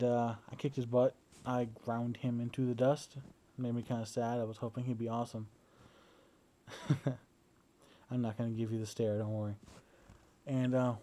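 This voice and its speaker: A young man with a mellow, warm voice rambles through a casual video diary meant for his partner. He talks at a middling pitch into his phone at home, with a faint hiss behind him. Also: rough recording. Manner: rambling, chatty storytelling. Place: at home indoors.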